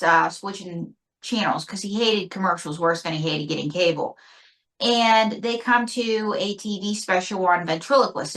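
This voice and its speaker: Woman, Pittsburgh accent, ventriloquist, chatty, self-mocking, bright voice. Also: mid-range voice, poor audio. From near Pittsburgh. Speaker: ventriloquist and singer. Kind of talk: casual interview storytelling.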